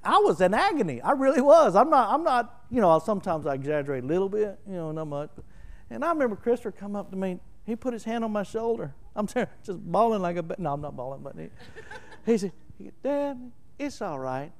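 A middle-aged man with a Southern Oklahoma accent preaching a sermon, telling folksy stories and swelling into loud, emphatic bursts as he explains scripture. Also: sits high, fast talker. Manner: animated, folksy storytelling with laughter and emphatic swells. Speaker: pastor.

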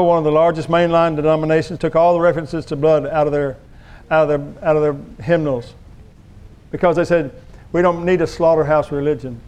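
A man's voice: fairly high pitch, darkish tone, clean tone. A man preaching a sermon as pastor, emphatic and preachy, calling on his congregation to answer back.

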